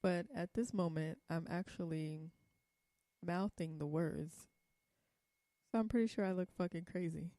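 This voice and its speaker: A woman's voice: lowish voice, a little slow, long pauses, mellow, no room sound, studio quality. A young woman from California talking casually in a vlog, blunt and profane, rambling with many fillers. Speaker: vlogger.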